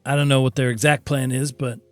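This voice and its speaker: A man's voice: mid-range voice, flat delivery, quick pace, faint music behind. A man narrating as game master of a tabletop game, slipping into character voices for short asides.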